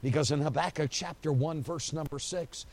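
A pastor preaches a sermon at an evening church service, telling the story with animation, acting out the quotes, and saying "you know" a lot. His voice is a little high, at normal speed.

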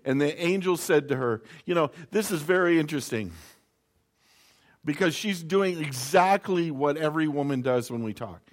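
A man's voice: on the high side, expressive, normal speed. Conversational man preaching a sermon. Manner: conversational, reads scripture then explains with personal stories. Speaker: pastor.

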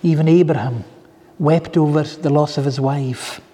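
A man preaching a sermon, telling stories in an earnest, heartfelt way with soft asides. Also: fairly high pitch, steady tone, moderate pace, slightly rough, long reverb tail. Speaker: pastor.

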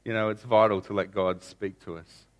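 A man's voice: lowish voice, flat delivery, normal speed. A man preaching a sermon in a conversational way, stumbling over restarts and repeating key lines. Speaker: pastor.

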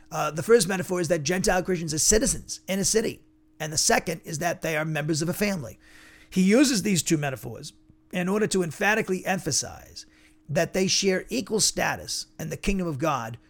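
A man's voice: fairly high pitch, creaky, a bit bright. A man teaching a verse-by-verse Bible lesson in a methodical, repetitive way, working through Greek words and stumbling over some of them.

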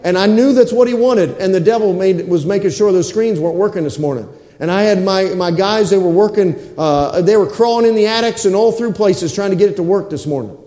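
A pastor with a high, mellow voice preaches a sermon at a fairly quick pace in a church sanctuary, repeating his points and calling for responses from the congregation. The hall gives a roomy echo with long reverb.

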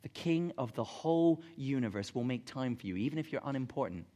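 A man's voice: mid-range voice, lively intonation, fairly quick, mellow. A man preaching a sermon to a congregation, talking conversationally and emphatically and putting questions to the room. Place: church gathering room.

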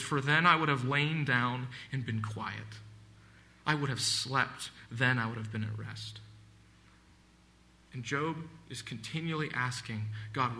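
Bright-voiced man preaching a sermon. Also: mid-range voice. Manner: earnest, emphatic preaching with scripture reading. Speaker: pastor.

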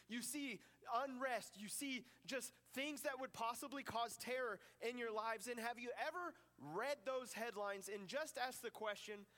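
Bright-voiced man preaching in a hall. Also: very high-pitched. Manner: lively storytelling with playful asides. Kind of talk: sermon. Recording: reverberant hall.

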